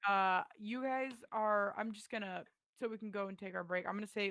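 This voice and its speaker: A woman's voice: medium pitch, fairly quick, fairly bright tone, dry recording, studio quality. A young woman game master who rambles casually, searching for words with many fillers. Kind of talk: casual tabletop game chat.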